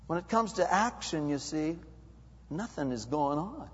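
Husky preacher in an echoing hall. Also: male voice, sits high, moderate pace. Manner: animated, swings from loud to hushed. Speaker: pastor. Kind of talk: sermon. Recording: dull lo-fi recording with long hall reverb.

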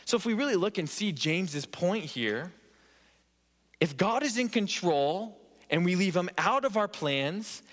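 A man's voice: high voice, a bit bright. A man preaching a sermon in a church, earnest and emphatic, repeating phrases for stress. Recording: echoey church hall reverb.

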